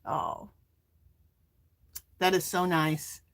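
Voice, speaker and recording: A middle-aged woman hosting a casual live stream, chatting and reading viewer comments aloud in a warm, emotional way. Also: fairly low pitch, fairly even intonation, very slow. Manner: warm and emotional, near tears.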